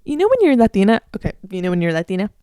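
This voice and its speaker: Very animated and rapid-fire, her warm, smooth, medium-pitched voice carries a solo podcast chat. She's an American in her late teens who rambles with plenty of "like"s, self-corrects constantly, and holds firm opinions; the audio is dry, studio-quality.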